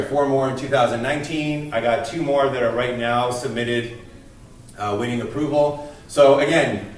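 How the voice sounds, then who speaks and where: A man's voice: mid-range voice, a bit bright. A man lecturing a class in an earnest, emphatic way, often restarting his sentences as he goes. His voice sits in a middle range and is picked up from a distance. A strongly echoing room and a faint background hiss surround him. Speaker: university lecturer. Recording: distant mic in an echoey room.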